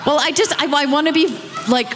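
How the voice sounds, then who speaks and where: Lively woman storyteller, audience testimony, echoing hall sound. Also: slight background noise. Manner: fast, lively storytelling with high-pitched acted quotes. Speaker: audience member sharing a story. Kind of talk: animated personal testimony.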